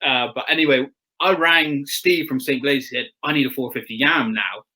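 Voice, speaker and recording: A man's voice: medium pitch, moderate pace, pushed and bright, low-quality recording. A young man chatting casually as a guest, telling stories with frequent laughs and acted-out quotes. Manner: chatty storyteller, laughs often, acts out quotes. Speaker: guest motocross rider. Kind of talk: casual chat.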